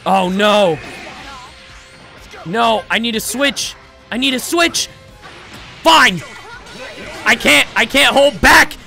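A young man giving excited gameplay commentary, yelling and trash-talking his opponent as he plays a fighting game. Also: extremely high pitch, slow, vocal fry, long pauses, soft background music. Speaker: gaming YouTuber playing a fighting game.

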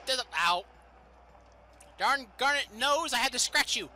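Man, let's play host: very high, bright voice, lively swings, goofy and excitable, faint game music underneath. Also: unhurried. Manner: excitable, goofy, exclaims loudly. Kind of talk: gameplay commentary.

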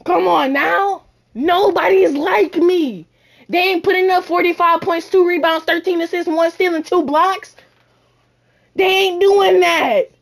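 A woman giving loud, boastful trash-talk commentary while playing a basketball video game, often shouting. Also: very high-pitched, steady tone, measured pace, gravelly. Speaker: gamer. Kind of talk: live gameplay commentary.

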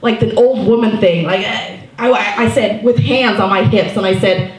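A woman's voice: medium pitch, normal speed, roomy sound. A woman in her thirties doing a stand-up set, chatty and self-mocking, full of "like" and "you know". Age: 30s. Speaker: stand-up comedian. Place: small comedy venue with a live audience.

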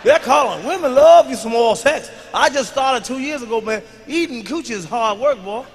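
High-pitched loud stand-up comedian man. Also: lively intonation, normal speed, slight background noise. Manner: loud, profane, often shouting. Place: live comedy stage before an audience.

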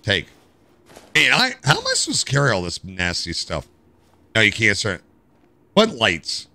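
A man with an American accent and a lowish, gravelly voice streams a game live at normal speed. He's animated, cracking jokes and griping to his chat as he plays.

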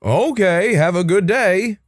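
A man's voice: sits high, slow pace, dry recording, clean studio sound, faint music behind, pitched above the performer's own voice. A man voicing a male debt-collector phone operator who keeps repeating the same polite lines. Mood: dogged. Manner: repetitive, scripted phone politeness.

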